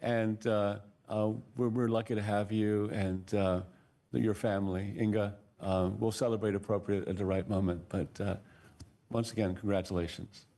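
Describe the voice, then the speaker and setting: A university president chairing a board meeting, speaking haltingly with many fillers. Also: male voice, on the low side, flat delivery, mellow. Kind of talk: formal meeting remarks.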